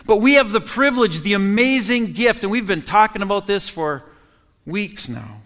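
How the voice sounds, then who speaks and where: Preacher, male, high bright voice, earnest and emphatic; church hall reverb. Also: lively intonation, normal speed. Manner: earnest, building emphasis with repeated phrases. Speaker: pastor. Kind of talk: sermon. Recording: echoey hall.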